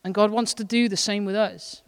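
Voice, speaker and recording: A woman associate pastor preaches in a casual, heartfelt way, her voice smooth and resonant. Her intensity rises and falls as she speaks, and a long reverb from the church hall trails after her words. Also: medium pitch, fairly even intonation, normal speed. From Wales. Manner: earnest, conversational preaching with shifting intensity. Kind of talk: sermon.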